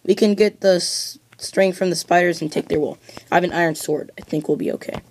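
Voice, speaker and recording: A gamer chatting casually during a co-op game, bossy and teasing, breaking into excited whoops. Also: mid-range voice, fairly quick, a little hiss or hum. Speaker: let's play gamer. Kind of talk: casual co-op gaming chat.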